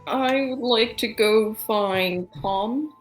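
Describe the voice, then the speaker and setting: A woman with a fairly high voice plays her character in a tabletop role-playing game. She speaks in a calm, measured way. Soft music plays faintly behind her. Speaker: player.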